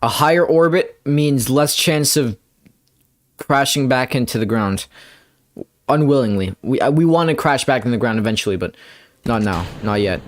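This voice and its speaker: A young man giving rambling, playful gameplay commentary, with bursts of excitement when things go his way. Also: medium pitch, a little fast. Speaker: gamer.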